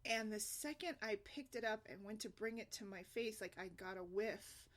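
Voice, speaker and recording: Woman vlogger, chatty storyteller, loose and rambling, quick to laugh. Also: mid-range voice. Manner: chatty, rambling, laughs often, many fillers. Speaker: single mom blogger. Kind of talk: casual personal storytelling.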